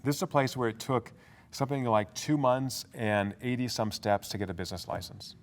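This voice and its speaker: Guy giving a business talk to students, talks super fast, lots of "right?" asides, mid pitch. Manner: energetic, fast-talking, quick asides and rhetorical questions. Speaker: guest speaker. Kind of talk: university business lecture.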